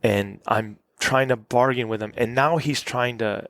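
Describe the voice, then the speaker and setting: A man, a podcast guest, recounting a story in casual conversation, halting and restarting often and leaning on "like.". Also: medium pitch, steady tone, fairly bright tone, no echo. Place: cabin.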